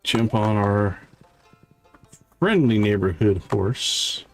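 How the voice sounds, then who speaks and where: A man hosting a livestream, chatting casually with fillers and quick asides as he plays. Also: lowish voice, expressive. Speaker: livestream host. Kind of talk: casual game commentary. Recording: faint game music behind.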